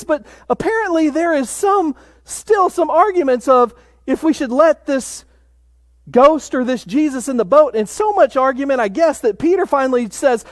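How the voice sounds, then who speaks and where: A middle-aged man preaching a sermon, stressing key phrases by slowing right down. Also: very high voice, lively intonation, no room sound, clean studio sound. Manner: emphatic, slows down on key phrases. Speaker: pastor.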